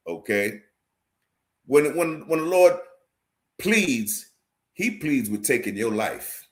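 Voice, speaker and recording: In a livestream sermon, a street preacher teaching a class speaks in a medium-pitched voice with lively intonation, taking it slowly. He's forceful and preachy, repeating phrases and quoting scripture while asking his viewers directly, "you understand?"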